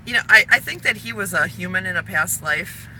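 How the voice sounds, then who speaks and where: A woman chatting casually on a livestream while driving, holding her phone camera, telling animated stories. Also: on the low side, a little fast, low-quality recording. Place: inside a car on a freeway. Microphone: phone camera held in hand. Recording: loud road and car noise.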